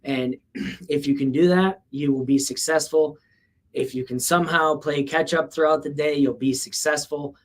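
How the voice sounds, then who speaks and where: A man's voice: on the high side, steady tone, normal speed. Easygoing male podcast co-host. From US Midwest. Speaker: real estate agent and podcast co-host. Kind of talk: casual podcast chat.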